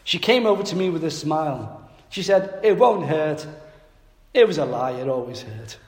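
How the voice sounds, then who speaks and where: Male preacher, higher-pitched voice, humorous storyteller, long hall reverb. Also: a little fast. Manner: lively storytelling, self-mocking humor. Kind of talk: sermon with humorous personal anecdote.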